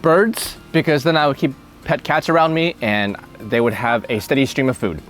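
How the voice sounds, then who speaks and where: A man's voice: mid-range voice, steady tone, moderate pace, fairly bright tone, soft background music. A man hosting a casual chat, thinking aloud, often laughing, with restarts as he answers questions. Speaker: channel host answering questions.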